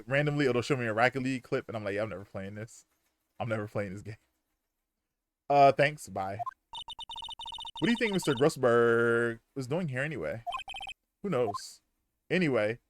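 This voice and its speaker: A man's voice: mid-range voice, a little hiss or hum. Casual crude young man streaming. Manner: casual, crude, animated storytelling. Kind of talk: live gameplay commentary.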